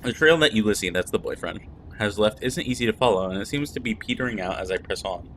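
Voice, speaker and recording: A man's voice: lowish voice, expressive, fast talker, slight background noise, low-quality recording. A man reading as an earnest young French woman. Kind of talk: reading game narration aloud.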